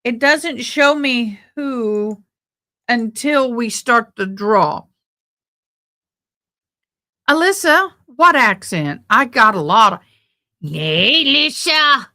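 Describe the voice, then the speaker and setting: A woman's voice: a little high, animated, takes it slowly, pauses often, bright, forceful tone. A woman hosting a casual livestream, chatting and reading out viewer comments. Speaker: livestream host covering a trial. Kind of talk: casual live chat.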